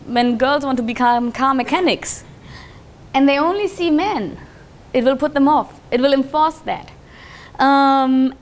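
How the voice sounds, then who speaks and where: A woman giving a conference talk to an audience, telling stories in a lively way and laughing often. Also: a little high. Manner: lively, with frequent restarts and fillers. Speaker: conference speaker. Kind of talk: live talk with audience questions.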